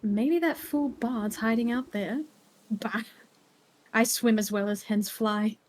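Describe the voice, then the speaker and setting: A woman's voice: on the high side, slow. A woman doing a cranky old witch granny. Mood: blunt. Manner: gruff, blunt, grumbling.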